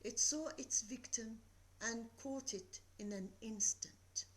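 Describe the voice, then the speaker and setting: A woman giving a recorded literature lecture, reading verse slowly and deliberately and explaining it. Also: fairly high pitch, fairly bright tone, rough recording.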